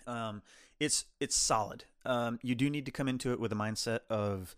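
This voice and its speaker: A man's voice: mid-range voice, normal speed, clear, resonant tone. A man co-hosting a film review podcast, chatting casually and rambling through anecdotes. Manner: rambling storyteller, lively and chatty. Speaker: podcast co-host reviewing films. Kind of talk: casual chat.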